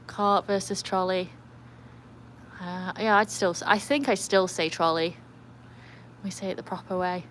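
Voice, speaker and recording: A woman's voice: lowish voice, a little slow, pauses often, a bit bright, slight background noise. An English woman hosting a casual livestream, chatting in a rambling way and reading viewer comments aloud. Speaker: livestream host with a trick dog. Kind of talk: casual live-stream chat.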